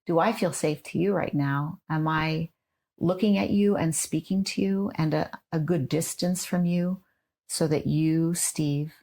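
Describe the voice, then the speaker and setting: A middle-aged woman, a trauma therapist, speaking slowly and explaining things in a measured way. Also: low voice, creaky, a little mellow. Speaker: neuropsychologist and trauma therapist guest. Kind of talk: interview conversation.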